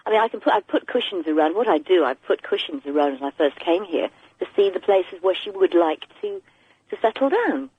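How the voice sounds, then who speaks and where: A woman's voice: fairly low pitch, expressive, fairly quick, slightly rough, dry recording. A woman calling a radio show, chatting away with plenty of restarts, heard over a muffled phone line. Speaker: caller.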